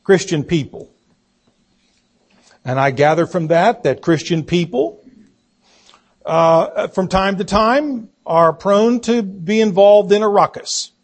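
A man preaching a sermon, telling a story slowly and deliberately and acting out the quoted voices. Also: on the high side. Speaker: pastor.

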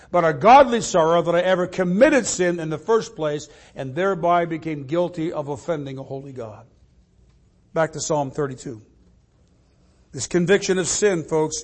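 An older man preaching from the pulpit in a notably high voice. He quotes scripture in old-fashioned wording and swings between forceful emphasis and quiet, low asides. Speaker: pastor. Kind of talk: sermon.

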